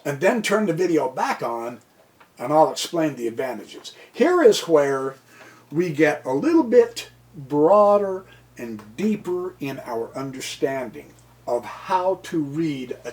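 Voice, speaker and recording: A tired man from the United States gives a casual chess lesson, his voice on the high side, slow and swinging widely in pitch. As a chess teacher he rambles, making jokey asides and muttering to himself between points.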